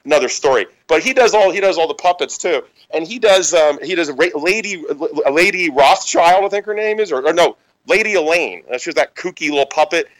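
Animated high-voiced man rambling on air. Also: fairly quick, few pauses, low-quality recording. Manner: rambling, animated, frequent restarts. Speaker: radio host. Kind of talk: political talk on radio, casual storytelling.

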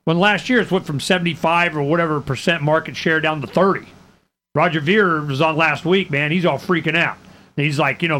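Rambling, animated male radio host. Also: on the high side, normal speed. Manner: rambling, acts out both sides of conversations; stammers and repeats words. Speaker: radio talk show host.

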